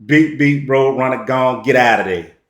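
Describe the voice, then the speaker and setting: A man with a mid-range, slightly bright voice talks at a normal pace, delivering a casual storytelling monologue as a relationship commentator. His style is slangy and emphatic, and the recording has the echo of a room.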